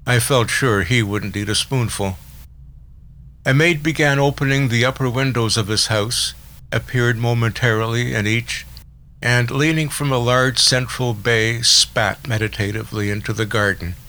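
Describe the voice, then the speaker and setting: A man reading a novel aloud as an audiobook narrator, in a measured, literary first-person style. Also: medium pitch, sharp tone, low-quality recording. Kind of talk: scripted narration.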